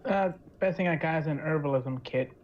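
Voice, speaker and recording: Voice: mid-range voice, fairly quick, dull audio, natural voice. Player voicing a polite, naive traveler. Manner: polite, formal address. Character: polite out-of-town male adventurer shopping for herbs. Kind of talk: tabletop role-play in character.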